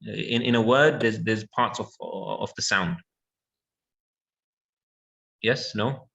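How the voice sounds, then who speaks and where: A man's voice: on the low side, slow, vocal fry, bright, forceful tone, highs cut off. A man teaching an English lesson, patiently repeating words and checking that his student follows.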